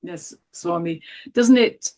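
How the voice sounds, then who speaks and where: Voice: mid-range voice, slow pace, a little mellow. A podcast host in a conversational interview, reflecting and affirming with chatty asides.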